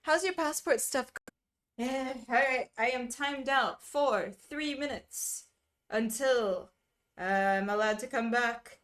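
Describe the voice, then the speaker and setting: A young woman streaming, chatting casually with her viewers, reading their messages aloud and laughing often. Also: slow pace. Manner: chatty, reads chat aloud, laughs often, lively pitch swings. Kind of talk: casual chat with live chat.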